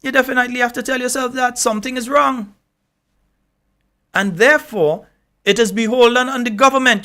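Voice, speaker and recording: A man's voice: sits high, fairly quick, sharp tone. A man with a Grenadian accent hosting a call-in radio talk show, speaking emphatically and scolding at times.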